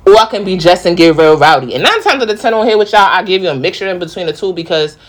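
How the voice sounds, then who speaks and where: A woman's voice: fairly low pitch, expressive, fast. Chatty young woman with a New York accent. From New York, the Bronx. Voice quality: thick city accent, slangy and rowdy. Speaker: podcast host. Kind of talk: casual solo podcast monologue.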